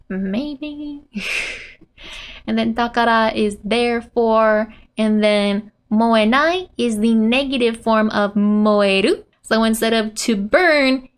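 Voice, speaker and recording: Friendly female tutor, laughs a lot, talks slowly, bright and slightly high. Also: clean tone. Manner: giggly, reads out character lines with playful voices. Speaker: Japanese teacher. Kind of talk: casual manga-based language lesson.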